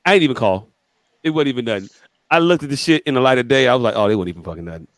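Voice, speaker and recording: A man co-hosting a podcast, telling stories in casual chat with lots of swearing and sudden high-pitched quoted voices. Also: very fast, no room sound. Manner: animated storytelling, swearing, jumps to high voices when quoting people. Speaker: podcast co-host.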